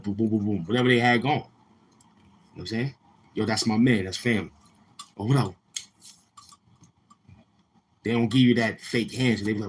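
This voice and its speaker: A man's voice: mid-range voice, normal speed, long pauses, slight background noise. A man from Brooklyn, telling loose, repetitive stories on his livestream and acting out other people's lines. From Brooklyn, New York. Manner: loose, repetitive street talk with quoted dialogue. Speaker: livestream host. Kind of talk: rambling storytelling on a livestream.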